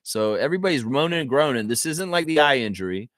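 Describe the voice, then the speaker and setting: A man hosting a casual sports chat stream, reading viewer comments aloud and reacting to them in an animated way. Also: mid-range voice, quick pace, no echo, clean studio sound. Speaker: livestream host.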